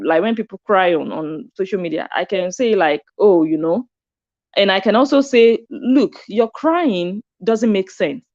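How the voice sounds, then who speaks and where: A woman's voice: mid-range voice, darkish tone, dull audio. A woman giving casual commentary, chatty and reflective. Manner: chatty and reflective, with frequent "hmm" reactions. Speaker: commentary vlogger.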